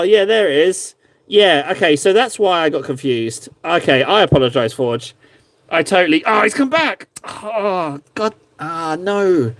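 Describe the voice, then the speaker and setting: A man's voice: high-pitched, fairly bright tone, no room sound. A man chatting casually on a live stream, reviewing viewers' painted miniatures in a rambling, self-mocking, playful way.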